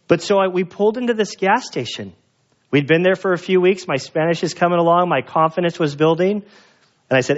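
A male pastor with a fairly high voice delivers a sermon in a loose, chatty storytelling manner. The recording sounds somewhat dull and lo-fi, with a muffled top end. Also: a little fast. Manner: casual storytelling, conversational with fillers.

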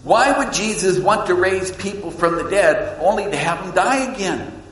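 A man preaching a sermon as pastor, swinging between loud emphasis and hushed, low lines. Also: animated, moderate pace. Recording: echoey hall with long reverb.

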